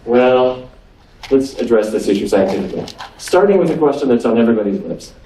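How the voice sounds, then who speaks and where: A man's voice: medium pitch, lively intonation, brisk, dark tone, slight background noise. A man from North Dakota giving a humorous nutrition lecture as a physician and quizzing his audience with questions. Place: lecture room on a cruise ship. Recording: roomy hall, voice from far off.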